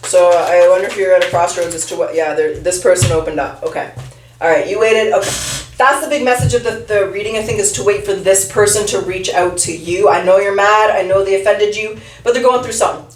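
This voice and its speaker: A woman's voice: mid-range voice, fairly quick. A woman giving a casual tarot reading, chatting straight to her viewer. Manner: chatty, addresses the viewer directly. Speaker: tarot reader. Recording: echoey room, mic at a distance, faint noise.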